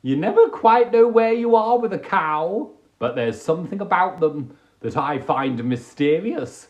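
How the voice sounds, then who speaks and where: A man hosting a casual livestream, telling stories in an animated, theatrical way on a phone microphone. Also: high voice, measured pace, dull audio. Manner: animated, theatrical storytelling with put-on voices. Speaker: livestream host.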